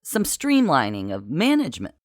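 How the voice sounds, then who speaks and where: Bossy schemer who spins mutiny as management talk, read by the narrator; lively delivery. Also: mid-range voice, no echo, clean studio sound. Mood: scheming. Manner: smooth corporate euphemisms, brisk orders. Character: scheming bossy woman, euphemistic, commanding.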